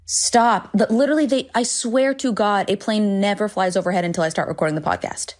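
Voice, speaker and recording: A woman's voice: mid-range voice, fairly quick, a little mellow. A woman hosting a solo podcast from home, talking candidly and rambling with frequent swearing and self-deprecating asides. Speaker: podcast host. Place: home, indoors.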